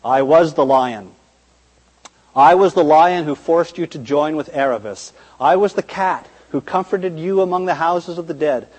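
A man voicing a vast, calm and wise lion king in a deep, low voice, speaking slowly and solemnly. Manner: slow, solemn, measured. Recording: reverberant church hall.

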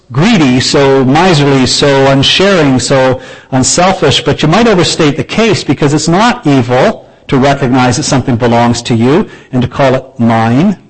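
Man preaching a measured sermon. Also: medium pitch, poor audio. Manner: measured preaching with slowed emphasis on key phrases. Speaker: pastor.

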